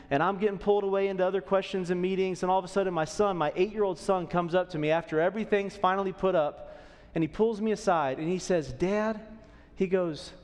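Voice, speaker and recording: A man in his thirties, serving as pastor, preaches in a church auditorium with a high-pitched voice. The big-room acoustics are audible, and his delivery is conversational, with frequent check-ins with the audience.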